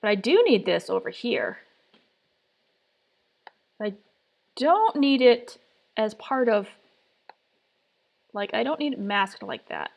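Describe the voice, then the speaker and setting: On a live design stream from her home workspace, a woman thinks aloud, muttering as she works through trial and error. Her voice is on the high side and creaky, with big pitch swings, and she takes it slowly with frequent pauses.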